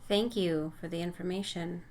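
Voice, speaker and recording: A woman's voice: lowish voice, fairly even intonation, moderate pace, darkish tone, slight background noise. A woman player in a tabletop game who talks hesitantly, with many fillers. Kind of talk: casual tabletop game chat.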